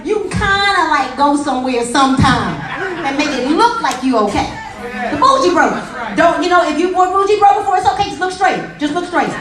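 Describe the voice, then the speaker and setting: A woman gives an animated motivational talk, her high voice leaping up and down as she acts out her own stories. She sounds a little distant from the mic in a roomy, echoing space. A faint crowd murmurs behind her. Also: a little fast. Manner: animated, humorous storytelling with acted quotes. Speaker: motivational speaker. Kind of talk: motivational talk to a live audience. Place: meeting room with an audience.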